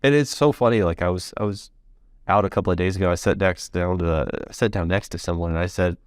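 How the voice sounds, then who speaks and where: Chatty low-voiced male podcast host. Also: fast talker, smooth, no room sound, studio quality. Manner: chatty, laughs easily, rambling asides. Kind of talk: casual interview chat.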